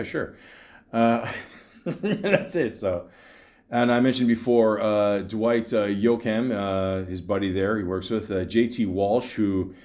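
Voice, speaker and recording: A man's voice: medium pitch, darkish tone. A man hosting a podcast alone, rambling casually with many fillers and restarts. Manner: breaks into voice impressions of movie lines. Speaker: podcast host. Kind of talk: casual solo movie talk.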